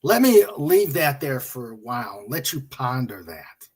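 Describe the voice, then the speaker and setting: A man's voice: mid-range voice, big pitch swings, moderate pace, darkish tone, breathy edge. A man hosting a casual stream, reading memes and jokes aloud, chuckling and muttering to himself. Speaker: livestream host.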